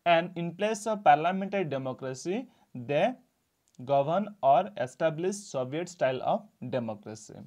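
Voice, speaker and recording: Teacher, repeating and quizzing. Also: male voice, a little high, lively intonation, normal speed, a little mellow. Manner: repeats each sentence and quizzes with rhetorical questions. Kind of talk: classroom lecture explaining a textbook.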